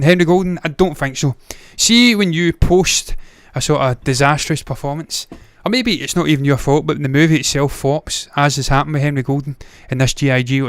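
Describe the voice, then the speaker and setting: A movie news livestream host delivers blunt, opinionated takes full of swearing in a casual commentary style. His voice is a little high, fairly bright and smooth, and the recording is dry.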